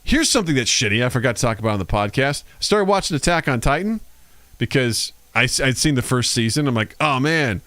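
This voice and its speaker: Podcast cohost guy, super animated, swears a lot, does silly quote voices, dry close sound. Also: fairly quick, dry recording. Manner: animated, swears, acts out quoted voices with big pitch jumps. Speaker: podcast co-host. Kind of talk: casual podcast chat. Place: studio, live stream.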